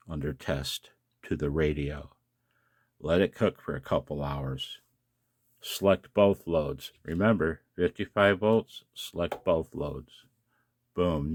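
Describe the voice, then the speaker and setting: A man's voice: extremely low pitch, no echo, clean studio sound. A tired man, up late at night, casually demonstrating a hobby device and chatting to the viewer with questions and chuckles.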